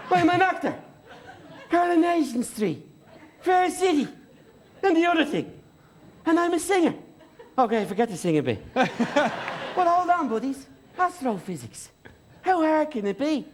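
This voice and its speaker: A man putting on a relaxed, boastful pop star who drawls as if slightly tipsy. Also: very high voice, pitched above the performer's own voice, exaggerated voice. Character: laid-back tipsy-sounding boastful male pop star.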